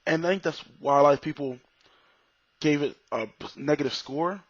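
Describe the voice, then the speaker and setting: A man's voice: a little high, normal speed, dry recording. A man giving a casual, blunt and profane spoken movie review, full of restarts and strong opinions. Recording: dull, slightly lo-fi dry recording.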